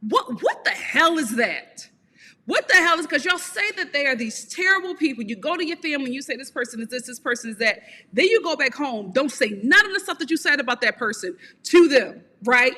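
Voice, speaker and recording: A woman's voice: high-pitched, big pitch swings, normal speed, pushed and bright, long reverb tail. A woman giving a blunt, sassy live review of a reality TV show, often laughing.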